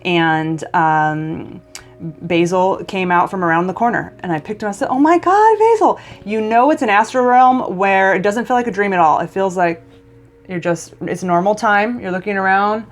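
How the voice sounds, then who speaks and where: A woman's voice: medium pitch, fairly even intonation, normal speed, faint music behind. A woman vlogger telling a personal story in a casual, emotional way, often stumbling and restarting mid-sentence.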